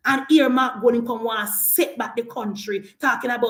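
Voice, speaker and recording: Speaking high at a normal pace with hardly a pause, a Jamaican-accented woman commentator launches into a fervent political rant, scolding emphatically and repeating the same attacks again and again. The recording is reverberant.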